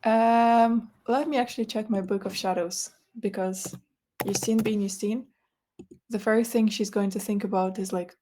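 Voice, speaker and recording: A woman's voice: medium pitch, steady tone, normal speed, mellow. A woman playing her character in a tabletop game, chatty and giggly. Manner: chatty, giggly, lots of fillers. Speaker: player. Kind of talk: casual tabletop play.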